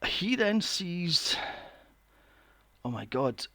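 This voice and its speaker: A man hosting a podcast, recapping a film plot in a casual, animated way, swearing often and acting out his own reactions. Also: high-pitched, very slow, gravelly. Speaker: podcast host.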